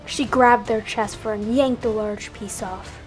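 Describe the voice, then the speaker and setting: High-voiced woman narrating a battle story. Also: fairly even intonation, a little slow. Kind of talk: dramatic story narration with in-character dialogue. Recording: music faintly behind.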